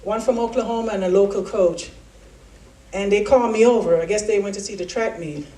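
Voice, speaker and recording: A woman, giving a motivational keynote speech and telling her story in an animated way. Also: medium pitch, a little fast. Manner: animated storytelling, acts out quotes. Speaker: keynote speaker. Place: large event hall. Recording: echoey hall, voice from far off.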